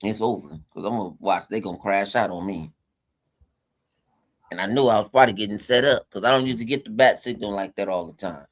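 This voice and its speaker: A man's voice: lowish voice, fast. A man on a podcast in casual chat, talking in a laid-back, mumbling way and swearing freely.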